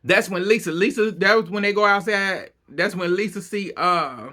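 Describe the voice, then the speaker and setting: A man casually recapping a reality show, gossipy and quick to laugh. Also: high-pitched, bright, forceful tone. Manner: laughs often, loose and gossipy.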